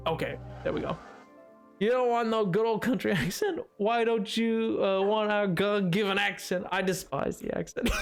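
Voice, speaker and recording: A man's voice: sits high, fairly bright tone. A man streaming a game live, reading chat and answering in a playful, jokey way.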